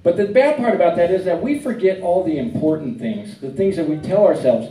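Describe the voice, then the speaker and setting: A man's voice: high-pitched, lively intonation, a little fast, mellow. Middle-aged man doing stand-up in an echoey club. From Arizona. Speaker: stand-up comedian. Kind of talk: stand-up comedy set. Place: comedy club stage. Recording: echoey club heard from a distance.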